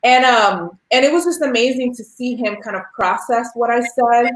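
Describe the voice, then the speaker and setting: In a roomy, echoing space, a woman in her thirties with a fairly high voice talks at normal speed, openly sharing parenting stories about her little boy in a casual discussion and acting out what was said.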